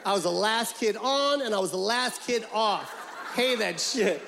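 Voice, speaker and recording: A man's voice: sits high, unhurried, gravelly, a little hiss or hum. A man performing a stand-up comedy set, telling stories with profanity and acting out the people in them. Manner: animated storytelling, acts out characters, profane. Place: large theater stage. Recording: live show with loud crowd laughter. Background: audience laughing.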